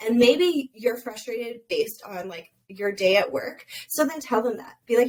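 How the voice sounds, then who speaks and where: A young woman talking casually as a podcast guest, emphatic and fast, with lots of "like" fillers. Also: a little high, expressive, poor audio.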